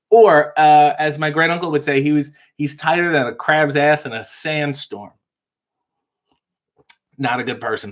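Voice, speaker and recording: A man with a somewhat high-pitched voice hosts a casual live stream. He reads viewers' comments aloud and answers them in a dry, deadpan way, slipping in mock insults. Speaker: host reading live chat questions.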